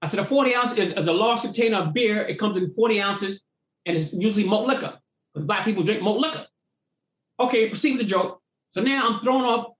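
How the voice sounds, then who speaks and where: This interview features a comedian guest whose high voice moves a little fast as he shares stories from his stand-up career. The room sounds echoey, and he animatedly imitates the people in his stories.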